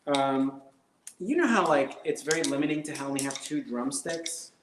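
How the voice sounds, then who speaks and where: Guy rambling through an absurd stand-up set, bit high pitched, lots of ums, echoey room. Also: normal speed, noisy background. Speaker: stand-up comedian. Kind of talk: live-streamed stand-up. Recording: roomy echo.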